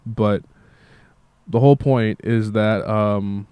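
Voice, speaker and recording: A man's voice: fairly low pitch, steady tone, takes it slowly, warm tone, clear, resonant tone, no echo. A tired young man who makes music, talking in a meandering casual monologue and swearing freely. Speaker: musician vlogger.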